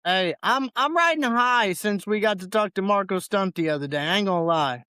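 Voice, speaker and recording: A man's voice: sits high, lively intonation, moderate pace, sharp tone, smooth, dry recording. A man co-hosting a casual wrestling podcast in a loose, laid-back way, often repeating words as he talks. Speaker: podcast co-host.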